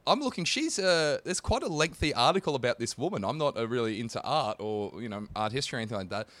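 Lively, joking male podcast co-host. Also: medium pitch, fast talker, dry recording. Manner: dry, joking, reads aloud. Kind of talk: casual podcast banter.

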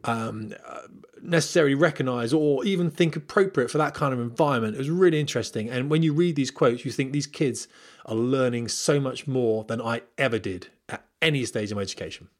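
A man's voice: medium pitch, brisk. Rambling man hosting a podcast. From Britain. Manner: rambling and digressive, speaking straight to viewers. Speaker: podcast host and former pilot. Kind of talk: casual podcast monologue. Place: at home in front of a camera.

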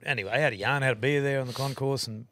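A man's voice: mid-range voice, fairly even intonation, racing, fairly bright tone. A man with an Australian accent, a podcast guest telling a rambling, swear-filled story and correcting himself as he goes. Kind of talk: casual storytelling.

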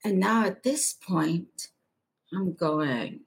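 A woman guest on a podcast, earnestly recounting a personal testimony and going hushed for the quieter moments. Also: fairly low pitch, slow pace, vocal fry, slightly rough.

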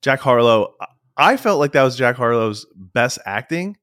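Animated, playful male podcast co-host. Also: medium pitch, normal speed, dry recording, studio quality. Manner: animated, stumbling restarts, playful. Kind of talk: casual sports and pop culture chat.

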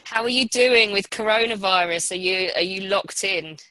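A woman's voice: medium pitch, moderate pace, sharp tone, dry recording, low-quality recording. A woman hosting a podcast, chatting casually with many fillers and frequent laughter, wearing headphones. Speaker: podcast host. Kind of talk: casual chat.

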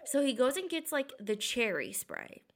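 A woman co-hosting a podcast, telling a funny story in animated bursts with a sore throat. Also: high-pitched, moderate pace. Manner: animated storyteller, quoting others in lively bursts. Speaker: podcast co-host. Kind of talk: casual storytelling chat.

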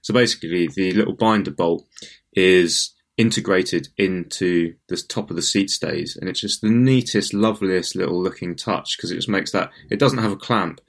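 Male co-host, very deep voice, playful theatrical humour. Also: normal speed, gravelly. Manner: playful, theatrical and self-mocking. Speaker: podcast co-host. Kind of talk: casual podcast chat.

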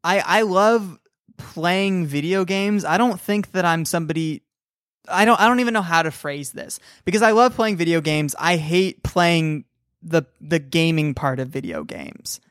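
Animated woman with a dry close sound. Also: fairly low pitch, moderate pace, dry recording. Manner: animated, rambling, laughs often. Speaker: podcast co-host. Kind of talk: casual chat about video games.

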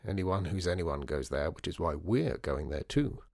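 A man voicing a brisk, theatrical disgraced store founder, wry and showy. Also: deep voice, lively intonation, creaky, a little mellow, dry recording, studio quality, voice pushed down, heavily acted.

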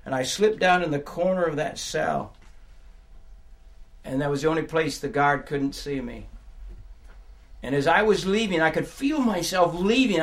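Older male preacher, high voice, emotional testimony that drops to a hush and rises to shouts. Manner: swings from hushed storytelling to crying shouts. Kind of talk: sermon testimony.

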